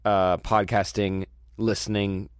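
A man's voice: on the low side, little pitch movement, slow pace, smooth, dry recording, clean studio sound. A young man co-hosting a casual podcast, rambling, laughing often and swearing offhandedly. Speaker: podcast co-host.

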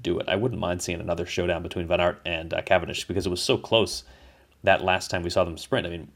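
A man's voice: low voice, little pitch movement, fast, gravelly, fairly bright tone. A man hosting a podcast over a call, giving casual race analysis in a thoughtful, hedging way with frequent restarts. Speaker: podcast host. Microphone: remote call.

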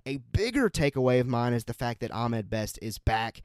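Man, podcast co-host, casual excited chat, dry close sound. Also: mid-range voice, moderate pace, smooth, no room sound. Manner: excited, animated storytelling.

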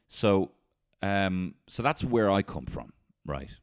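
A man telling an animated, sweary comedy story and breaking into shouted impressions. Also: low voice, slow pace.

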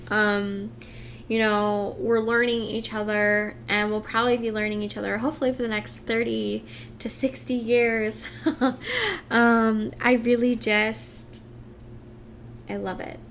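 Slow, emotional higher-voiced woman vlogger. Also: slight background noise. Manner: heartfelt, rambling, many fillers and restarts. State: emotional, close to tears. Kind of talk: casual confessional vlog.

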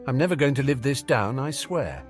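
A sardonic teenage boy wizard, as a male audiobook narrator puts him on, pitched a bit higher than the narration. He talks breezily and deadpan and makes light of trouble. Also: moderate pace, soft background music, lightly acted. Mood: wry.

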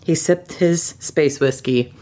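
A woman's voice: low-pitched, slow, warm tone. A woman co-hosting a podcast, reading fan fiction aloud between fits of laughter. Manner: laughing, giggly narration. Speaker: podcast host.

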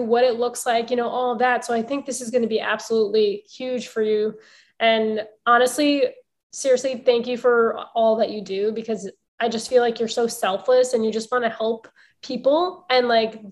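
A woman co-hosts a casual chat in a slightly high voice. She speaks earnestly and offers warm encouragement.

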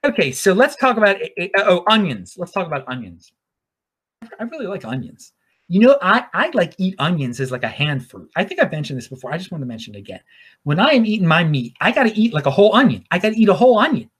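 A man's voice: high voice, sing-song, fast talker, fairly bright tone, husky. Baltimore guy rambling on his own podcast, voice jumps up and down a lot, keeps restarting words. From Baltimore, USA. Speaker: podcast host. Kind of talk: casual opinion monologue.

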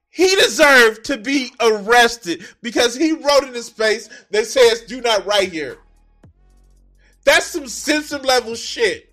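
A man reacting to a video clip, swearing a lot and breaking into incredulous shouts. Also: extremely high pitch, expressive, a little slow, soft background music. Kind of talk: profane reaction commentary.

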